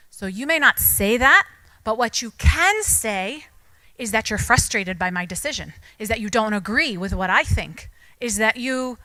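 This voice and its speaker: Woman addressing parents, bright tone, close dry sound, acts out quotes. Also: fairly high pitch, animated, moderate pace, dry recording, low-quality recording. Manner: code-switching, acts out children's quotes. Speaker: speaker at a church parenting talk. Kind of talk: talk to parents.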